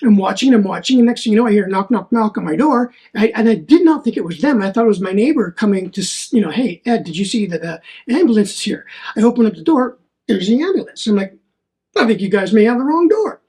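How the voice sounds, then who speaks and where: A man's voice: sits high, animated, quick pace, dark tone. A man hosting a solo faith podcast, telling a personal story in an earnest, rambling way and often repeating his words. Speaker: podcast host.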